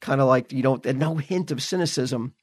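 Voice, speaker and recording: A man co-hosting a casual podcast chat, talking quickly and poking fun at himself. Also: mid-range voice, husky, no echo. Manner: quick, self-deprecating, restarts often. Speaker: podcast co-host.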